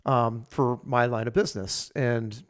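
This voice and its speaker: A man in his fifties tells a long career story as a podcast guest. He rambles, restarts sentences and leans on fillers. His voice sits in an ordinary middle pitch. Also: steady tone, a little slow. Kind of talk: casual storytelling.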